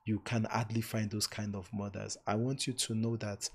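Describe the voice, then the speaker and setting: A man hosting a live-streamed relationship talk, speaking warmly and emphatically to online viewers, repeating words for stress and closing with preacher-like blessings. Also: on the low side, little pitch movement, normal speed, few pauses, a little hiss or hum.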